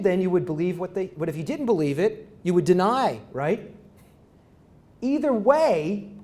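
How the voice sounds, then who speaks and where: A middle-aged university lecturer gives an academic talk in a high-sitting, dark-toned voice. He rambles, often restarts phrases and checks in with the audience by asking "right?"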